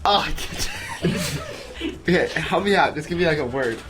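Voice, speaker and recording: A young man joins a radio interview, hesitant and laughing as he stumbles through his answers. His voice sits a little high for a man, and guitar music plays behind him. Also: animated, moderate pace. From United States. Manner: laughing, self-conscious, hesitant. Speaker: band member, guest. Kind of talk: casual interview chat.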